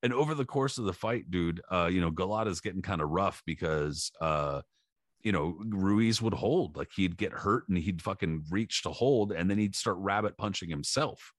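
A man's voice: deep voice, moderate pace, no room sound, studio quality. A man co-hosting a podcast, telling a story with lots of swearing and acting out the people in it. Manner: profane animated storytelling, acting out shouted quotes. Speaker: podcast co-host. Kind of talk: casual podcast chat.

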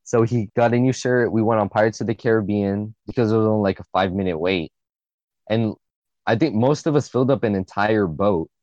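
A man's voice: on the low side, a little fast, dry recording, highs cut off. Swearing young guy telling a story. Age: young adult. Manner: animated, swears a lot, acts out friends' lines. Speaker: podcast co-host. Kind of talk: casual storytelling chat.

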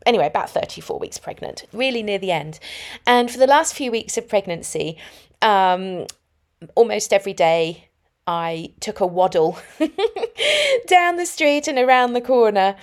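On her own podcast, a woman speaks from home in a medium-pitched, animated but unhurried voice. She shares personal stories in a reflective, anecdotal solo talk.

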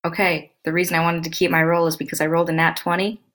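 A woman playing in a tabletop game, calm and matter-of-fact about her rolls. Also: fairly low pitch, quick pace. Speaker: player. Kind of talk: casual chat, tabletop game.

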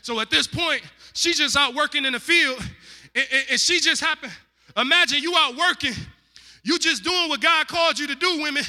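High, bright-voiced man preaching emphatically with street slang, shouting key lines; echoey hall. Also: moderate pace. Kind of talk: comic, animated sermon.

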